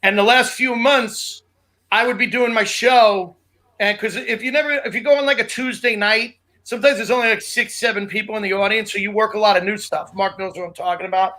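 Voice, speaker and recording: A comedian co-hosting a relaxed podcast, his voice high-pitched and bright. He rambles through his stories with restarts and asides. The talk is casual and chatty. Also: fairly quick. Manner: loose, rambling storyteller with restarts. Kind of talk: casual chat.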